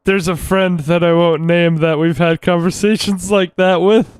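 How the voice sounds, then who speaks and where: A man's voice: high voice, steady tone, measured pace, smooth, no room sound, studio quality. A man co-hosting a podcast in casual chat, swearing freely and laughing a lot. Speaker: podcast co-host.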